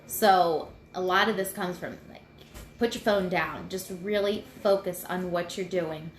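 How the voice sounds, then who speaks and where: A woman in her thirties hosts a live home video sharing mindfulness tips, chatty, rambling and self-deprecating. Her voice is fairly low and a little slow. She uses a computer mic in a room at home, giving roomy echo and faint room noise.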